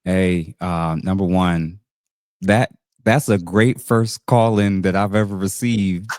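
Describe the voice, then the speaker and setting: Deep-voiced man, measured and reflective. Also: steady tone, a little mellow, no echo. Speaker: therapist guest. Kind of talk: casual talk-show chat.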